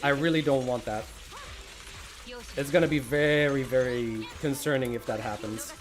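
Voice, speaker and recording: A man's voice: mid-range voice, steady tone, normal speed. A man streaming a game, chatting casually, greeting viewers by name and snacking as he talks. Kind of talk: casual livestream chat.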